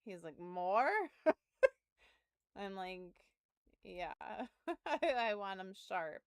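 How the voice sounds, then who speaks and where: Young woman streamer telling a story slow and laid back, smooth voice, dry close mic, swears a lot. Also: medium pitch, no echo. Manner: animated storytelling with laughs and profanity. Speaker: game streamer. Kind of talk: casual stream chat, storytelling.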